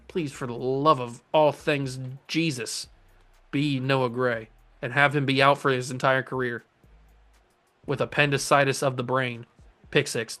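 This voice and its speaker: A young man casually commentating his own video game play as a channel host, excitable and jokey, talking to the players on screen. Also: mid-range voice. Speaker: gaming YouTuber host.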